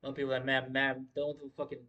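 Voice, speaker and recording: Guy ranting on his wrestling livestream, swears a ton, keeps repeating himself, normal mid pitch. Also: completely flat delivery, quick pace, bright, forceful tone, dull audio. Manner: profane, emphatic, repeats himself. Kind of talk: casual livestream commentary.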